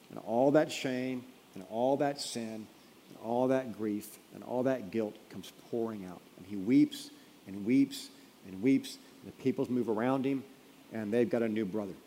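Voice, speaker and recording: A man preaching a sermon in a mellow, dark voice, building to loud emphatic peaks before falling to a hush. His voice rings out through a large hall with a long reverb tail. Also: lowish voice, unhurried, slight background noise. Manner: storytelling, building to emphatic peaks then dropping quiet. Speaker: pastor.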